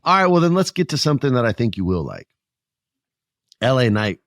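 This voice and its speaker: A middle-aged man hosting a podcast, chatting about wrestling in a lively, joking way. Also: mid-range voice, brisk, dry recording. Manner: animated, joking, puts on voices. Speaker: podcast host. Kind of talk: casual wrestling chat.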